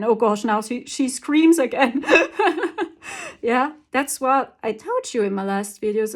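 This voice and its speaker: Emphatic woman talking spiritual advice. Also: on the high side. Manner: emphatic, repeats words for stress, laughs often. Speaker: spiritual channel host. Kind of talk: casual spiritual talk to camera.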